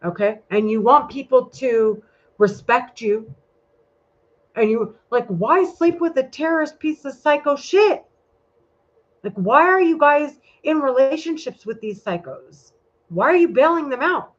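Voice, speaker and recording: A woman's voice: sits high, expressive, unhurried. A woman talking in a casual vlog monologue, rambling and heated, with a lot of swearing. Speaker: vlogger. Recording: muffled lo-fi recording.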